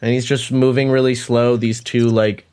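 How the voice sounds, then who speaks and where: A man's voice: mid-range voice, little pitch movement, moderate pace, a little mellow, clean tone. A man running a tabletop game as game master, narrating with laughter and crude jokes.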